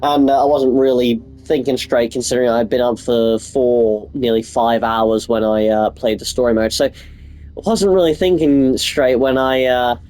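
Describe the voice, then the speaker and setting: A man's voice: mid-range voice, steady tone, moderate pace, darkish tone, low-quality recording. A young man with a cold, rambling and swearing casually as he comments over his gameplay. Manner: rambling, profane, offhand. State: sick. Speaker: gaming YouTuber.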